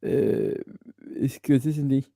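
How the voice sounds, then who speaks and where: A man doing an impression of a young star striker, offhand and flat. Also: medium pitch, slow, creaky, no echo, clean studio sound, exaggerated voice.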